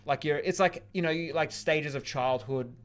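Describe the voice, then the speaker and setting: Male comedian host, a touch high-pitched, teasing and quippy, casual podcast chat. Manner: teasing, quick quips, filler-heavy explanations.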